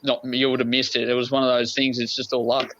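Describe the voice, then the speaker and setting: This Australian man talks in a relaxed, easygoing way with plenty of fillers, and he sounds enthusiastic about his story. His voice sits in a middle pitch. The audio is dull and lo-fi. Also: fast, a little hiss or hum. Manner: laid-back, enthusiastic, lots of fillers. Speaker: podcast guest. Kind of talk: casual storytelling.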